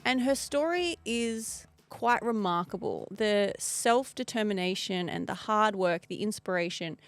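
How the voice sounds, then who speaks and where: A woman's voice: mid-range voice, animated, a little slow, no room sound. A woman with an Australian accent hosting a podcast, earnestly introducing a guest's story with enthusiasm. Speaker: podcast host.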